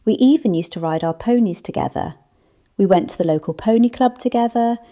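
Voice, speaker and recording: A woman's voice: fairly high pitch, a little fast, warm tone, pitched above the performer's own voice, close to an everyday voice. A woman voicing a blunt, tough elderly woman raised on a sheep farm, speaking in a brusque, scolding manner in an audiobook. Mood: aggrieved. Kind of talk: audiobook character voice.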